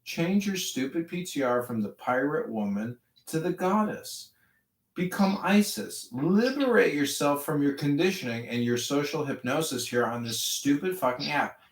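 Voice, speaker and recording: A man holding forth on spirituality in a preachy, rambling manner, calm one moment and fervent the next. He sounds set back from the mic, and the capture rings with echo. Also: fairly high pitch, moderate pace. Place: online audio chat room. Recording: echoey, distant audio-room capture.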